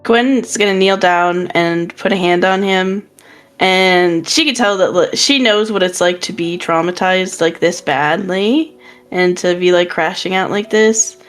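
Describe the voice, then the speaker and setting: A woman's voice: lowish voice, a little slow, soft background music. A woman playing a tabletop game, explaining her character's moves in a chatty way with many filler words. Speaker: player. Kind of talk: casual tabletop play.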